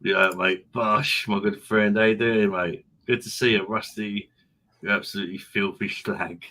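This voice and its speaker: A man with a lowish voice and a bright, forceful edge hosts a relaxed live stream, chatting with viewers. He laughs a lot and keeps up crude, cheeky banter. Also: normal speed. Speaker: host of an online pub live stream. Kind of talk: casual live-stream chat, reading out viewer comments.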